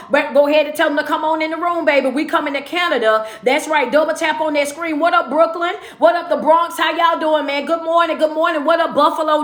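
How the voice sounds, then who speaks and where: Hyped woman hosting a livestream, high voice. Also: a bit bright. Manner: hyped, calls out to viewers by place. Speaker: motivational speaker and livestream host. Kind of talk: casual livestream shout-outs. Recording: echoey room.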